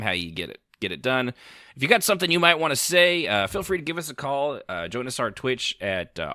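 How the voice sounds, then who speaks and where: A man's voice: mid-range voice, sharp tone, no echo, clean studio sound. Rambling, joking podcast host man. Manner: rambling, filler-heavy, joking. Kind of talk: casual podcast chat.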